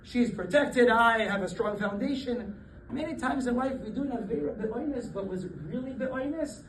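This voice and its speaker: A rabbi giving a Torah class, lively and often laughing as he acts out the people in his stories. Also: extremely high pitch, moderate pace. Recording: echoey room, voice from a distance, faint background noise.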